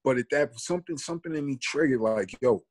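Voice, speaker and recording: A man's voice: fairly high pitch, fast. A man, earnestly telling a story and reflecting on it in a casual podcast talk. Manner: earnest, reflective, builds an argument. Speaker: podcast co-host.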